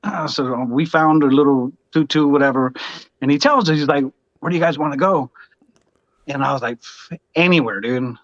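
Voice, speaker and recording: A man's voice: on the high side, normal speed, no room sound. A man telling a story as a podcast guest in casual, slangy talk, full of "dude" and "bro". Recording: dull, dry lo-fi sound.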